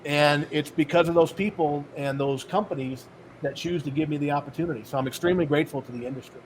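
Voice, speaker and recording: Animated middle-aged man telling his story. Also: a little high, quick pace, slight background noise, rough recording. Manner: animated storyteller acting out dialogue. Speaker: podcast guest, author and speaker. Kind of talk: storytelling in a podcast interview.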